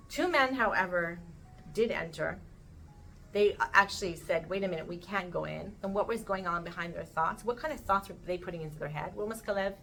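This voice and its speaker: A woman teaching a weekly Torah lesson in a casual, animated way, acting out the voices she quotes. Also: medium pitch, poor audio.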